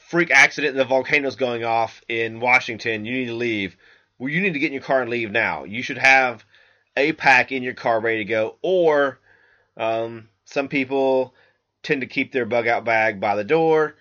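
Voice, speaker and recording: A man's voice: mid-range voice, sharp tone. A man hosting a podcast in a loose, rambling monologue, swearing freely and restarting his sentences, recorded on a laptop microphone. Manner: rambling, loose and profane, with many fillers and restarts. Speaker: podcast host. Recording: dull lo-fi laptop mic.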